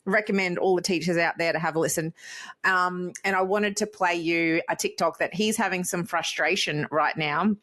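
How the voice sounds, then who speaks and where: A woman's voice: lowish voice, moderate pace, fairly bright tone. Enthusiastic woman podcast host. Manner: enthusiastic, encouraging. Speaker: co-host, teacher. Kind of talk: casual podcast chat.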